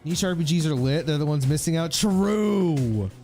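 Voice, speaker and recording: A young man from the Philippines streams a game and chats casually with his viewers, rambling, laughing often, and using lots of fillers. His voice sits on the high side with fairly even intonation, a quick pace, and a dark tone, with soft music in the background.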